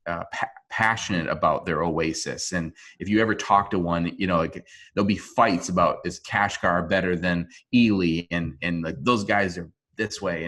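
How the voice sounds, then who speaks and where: Low-voiced man, remote interview guest, earnest and halting, speaks over a video call. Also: a bit bright. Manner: earnest, halting, with frequent restarts.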